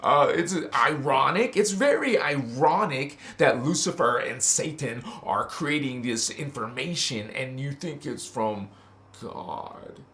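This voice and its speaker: Impassioned slow-speaking man preaching. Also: mid-range voice, expressive, pushed and bright. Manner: impassioned, casual, calls listeners honey and you guys. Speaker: spiritual channel host. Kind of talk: spiritual livestream sermon.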